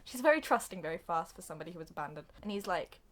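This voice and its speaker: A woman's voice: fairly low pitch, fairly bright tone. A young woman reviewing a film in a casual, giggly way, often laughing and bursting into sung snippets. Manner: giggly, breathless retelling with sung bits and quick voice changes.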